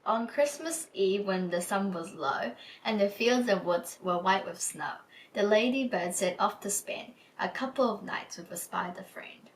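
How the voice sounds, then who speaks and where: A woman hosting a book club episode, reading a children's picture book aloud in a gentle storytelling manner. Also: medium pitch, expressive, unhurried, recorded from a distance, slight background noise, poor audio. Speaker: storybook reader.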